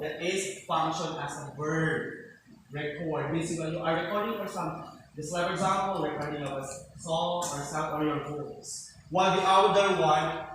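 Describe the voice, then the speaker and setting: A man teaching a classroom lesson. His voice is fairly high and it echoes strongly off the hard walls. He is heard from a distance, with faint room noise behind him. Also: pushed and bright. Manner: explains patiently, often checks in with the class. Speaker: teacher giving a demonstration lesson. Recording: echoey room, mic far off.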